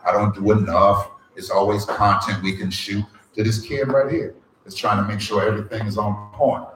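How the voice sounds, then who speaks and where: A man's voice: fairly low pitch, fairly bright tone, a little hiss or hum. A man hosting a live event, playfully teasing guests and calling on the crowd for applause. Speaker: event host. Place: event room with an audience. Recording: echoey room, distant mic.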